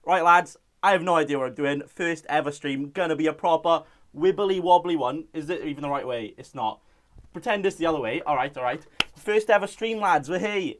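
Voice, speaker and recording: A man's voice: a little high, a little fast. A young man from Wales, hosting a casual live-stream chat and reading out viewer messages in a jokey way.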